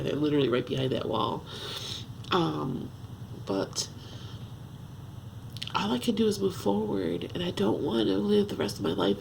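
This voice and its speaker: Gravelly-voiced woman in her fifties. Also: lowish voice, background noise. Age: 50s. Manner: halting, earnest, self-searching talk with many restarts. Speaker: vlogger. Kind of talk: confessional personal vlog. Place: at home.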